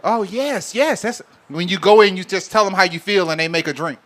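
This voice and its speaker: A man's voice: sits high, brisk, a bit bright. A man from Alabama, hosting a live show and teasing the audience in a casual, joking way. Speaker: host. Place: live event venue with an audience.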